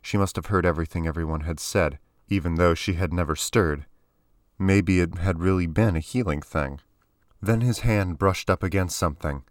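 A man narrates a story in a measured, even audiobook style. His voice is very deep and low. The sound is dry and close, with no room around it. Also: no room sound.

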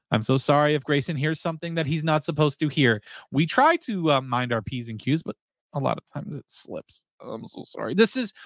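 A man hosting a casual livestream chat, excitable, repeating himself and laughing often. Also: on the high side, moderate pace, no room sound. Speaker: podcast host.

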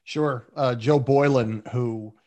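A man's voice: medium pitch, fairly even intonation, slow, a little mellow. A man who hosts sports radio, answering casually as a podcast guest. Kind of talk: casual interview chat.

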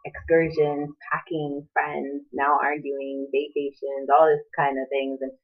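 A woman co-hosts a relaxed podcast, talking in an earnest, upbeat way to her listeners. Her voice comes through thin and tinny, like a phone call. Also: sits low, measured pace. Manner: earnest, upbeat advice-giving, wraps up the show. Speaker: podcast co-host. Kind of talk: casual chat.

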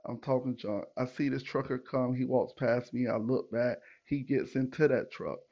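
A man hosting a podcast, telling a story in a casual, animated and profane way, acting out what people said. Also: medium pitch, moderate pace, dull audio. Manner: animated, profane, retells with acted quotes. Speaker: podcast host.

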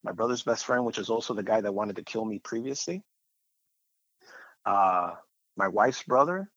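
A man's voice: on the low side, lively intonation, normal speed, a bit bright, no room sound, muffled recording. A man sharing a personal faith testimony in a conversational, rambling way, with fillers and repeated phrases.

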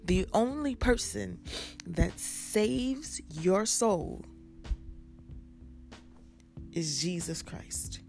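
Slow, gravelly woman preaching. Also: medium pitch, expressive, a little mellow, soft background music. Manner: emphatic, repetitive preaching cadence. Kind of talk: sermon.

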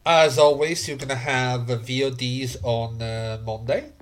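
A man narrating as the game master of a tabletop game stream, relaxed and full of fillers. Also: medium pitch, measured pace, slight background noise.

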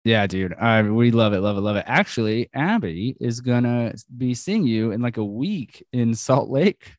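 A man's voice: mid-range voice, lively intonation, moderate pace, no room sound. A man hosting a podcast in casual, loose banter, swearing and laughing easily. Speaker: podcast host.

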